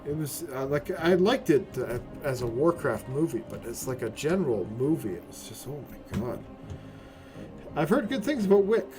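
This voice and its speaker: Man streaming a game, chatty, profane, swooping lively pitch, music playing behind. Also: normal speed. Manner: profane, excitable, talks to chat, keeps asking "right?". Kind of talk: casual live game commentary.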